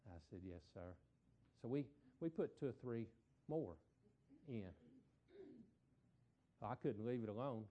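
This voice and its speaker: His voice mid-range, a middle-aged preacher spins a folksy sermon story, leaning on repetition and rising loudness for emphasis.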